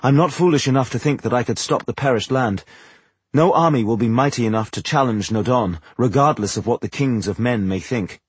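A man voicing a proud, scornful sorceress woman in an audiobook, speaking bluntly with a husky voice. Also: mid-range voice, fairly quick, dry recording, natural voice.

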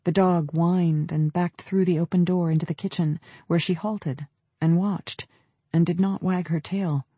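A man narrating an audiobook in a measured, descriptive storytelling manner. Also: a little high, fairly even intonation, warm tone, slightly rough, no echo, muffled recording. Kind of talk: scripted narration.

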